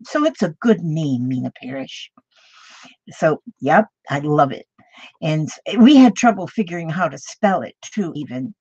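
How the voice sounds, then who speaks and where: A woman's voice: low voice, animated, unhurried, a little mellow, breathy edge, no room sound. An older woman hosting a casual craft livestream, chatting in a rambling way and greeting viewers one by one. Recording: dull lo-fi dry sound.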